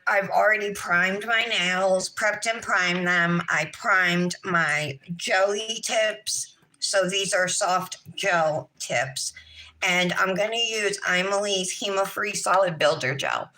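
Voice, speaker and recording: A woman's voice: mid-range voice, slow pace, bright, forceful tone, low-quality recording. A woman in her thirties hosting a casual nail livestream, chatting in a sing-song way with her viewers. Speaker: nail vlog host. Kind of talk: casual livestream chat while doing nails.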